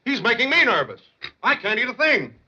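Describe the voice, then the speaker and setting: A man playing a loud, bossy middle-aged father in a 1950s film comedy, on a lo-fi old soundtrack. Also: very high-pitched, very animated, a little fast, slight background noise, heavily acted. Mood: blustering.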